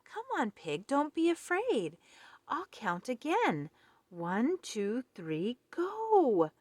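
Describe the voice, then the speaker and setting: A woman's voice: a little high, huge pitch swings, slow, a little mellow, no room sound, pitched above the performer's own voice, heavily acted. A woman voicing a bossy male otter who coaxes his friend to swim, in a storybook reading. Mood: coaxing. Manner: bossy, encouraging. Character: pushy male otter, eager swimmer.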